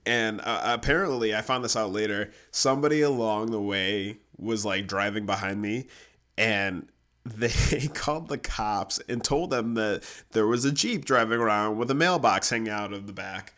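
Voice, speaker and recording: A man's voice: lowish voice, moderate pace. A young man telling a funny personal story in casual chat, laughing often and acting out the people he quotes. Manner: animated, laughing, acts out quoted voices.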